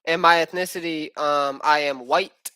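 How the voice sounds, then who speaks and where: A man's voice: a little high, fairly even intonation, a little slow, pushed and bright, clear, resonant tone, no room sound, rough recording. A young man chatting casually on a livestream at home, rambling in slangy, profane talk full of fillers. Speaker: aspiring MMA fighter streaming. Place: at home with his young son.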